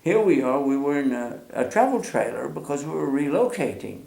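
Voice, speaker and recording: A man in his sixties from the United States, telling a personal story in a casual, animated way, chuckling often and acting out remembered voices. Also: on the high side, brisk, creaky. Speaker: storyteller guest. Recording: roomy echo.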